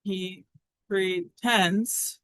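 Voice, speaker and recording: A woman's voice: mid-range voice, steady tone, drawn-out words, a bit bright, no echo. A woman teaching a Latin lesson in a classroom, chatty and thinking aloud as she translates.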